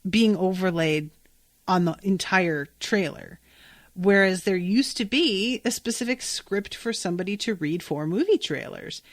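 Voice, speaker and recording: A woman's voice: mid-range voice, no echo. A woman hosting a podcast, recapping an episode in a chatty, casual way, with swearing and lots of fillers. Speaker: podcast host.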